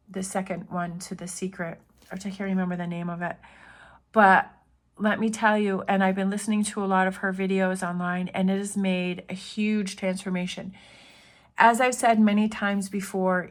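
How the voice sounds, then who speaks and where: Woman, tarot reader, earnest, encouraging, repeats phrases, casual pep talk. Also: mid-range voice.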